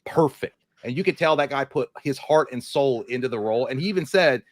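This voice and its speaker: A middle-aged man co-hosting a live movie stream, talking casually with lots of swearing and bursts of animated emphasis. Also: mid-range voice, a little fast, dry recording, studio quality. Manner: profane, animated, puts on silly voices. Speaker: co-host.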